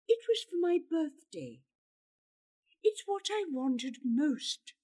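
A woman voicing an earnest, apologetic young boy who speaks quietly and pleads. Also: high voice, very animated, slow pace, voice pushed up, heavily acted. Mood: pleading.

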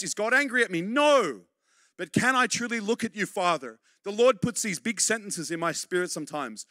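A middle-aged man preaching a sermon, urging and repeating points for emphasis, then dropping to quiet, close tones. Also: high-pitched, expressive, moderate pace, dry recording.

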